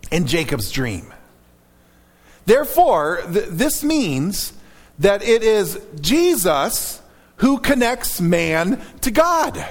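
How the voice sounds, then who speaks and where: Animated preacher with a high voice. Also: male voice, big-room sound. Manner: animated, dramatic reading of scripture. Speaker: pastor. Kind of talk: sermon.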